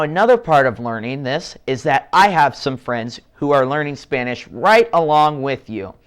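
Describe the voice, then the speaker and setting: Slow, clear-voiced man teaching children. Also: medium pitch. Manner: encouraging, slow and deliberate with drawn-out model words. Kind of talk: children's language lesson.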